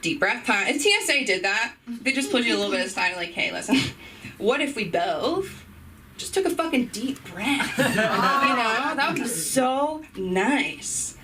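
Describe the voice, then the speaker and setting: A young woman doing a rambling stand-up set on a club stage, breaking off into loud impressions. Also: fairly high pitch, lively intonation, unhurried, far from the mic, crowd noise, poor audio. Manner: rambling, self-interrupting, bursts into shouted impressions. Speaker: stand-up comedian.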